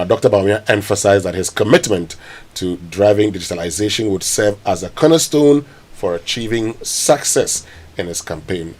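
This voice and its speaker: A man's voice: lowish voice, breathy edge. A man with a Ghanaian accent hosting a morning radio show, chatting and reading headlines in a conversational way. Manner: conversational, reads headlines aloud. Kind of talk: casual radio talk and newspaper review.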